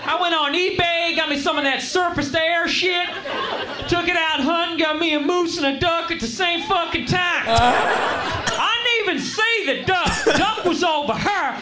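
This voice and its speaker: A man doing a stand-up comedy set, ranting and shouting his punchlines. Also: extremely high pitch, moderate pace. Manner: ranting, shouty, puts on voices. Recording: echoey live venue with loud crowd and noise. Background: loud laughing audience.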